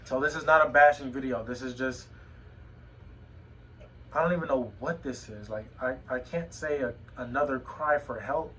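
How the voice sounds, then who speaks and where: A young man talking to a phone camera at home in a personal vlog, emotional and halting, often repeating his words. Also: medium pitch, fairly bright tone, far from the mic, a little hiss or hum, rough recording. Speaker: vlogger. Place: home room.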